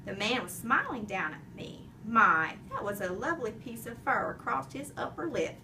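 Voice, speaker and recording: A woman narrating a children's chapter book in an expressive, animated storytelling way. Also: on the high side, normal speed, distant mic, a little hiss or hum. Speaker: audiobook reader.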